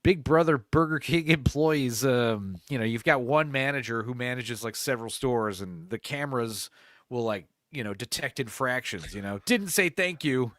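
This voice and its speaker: On a podcast he co-hosts, a man chats casually, cursing without restraint and putting on mock voices. His mid-range voice is a bit bright and moves at a normal speed. The studio recording is clean, with no echo.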